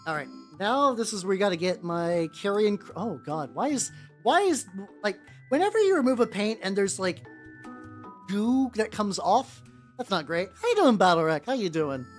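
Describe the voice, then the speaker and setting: A VTuber streamer talks casually while painting, rambling from thought to thought with plenty of swearing and false starts. The pitch swings lively and expressive throughout. Quiet music plays faintly underneath. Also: moderate pace. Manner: rambling and profane, many fillers and restarts. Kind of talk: casual live-stream chat while working. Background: faint background music.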